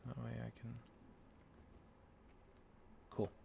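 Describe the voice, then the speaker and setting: Slow, gravelly-voiced man streaming. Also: medium pitch, completely flat delivery, noisy background. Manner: thinking aloud, unsure, mumbling menu names. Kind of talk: casual gameplay chat.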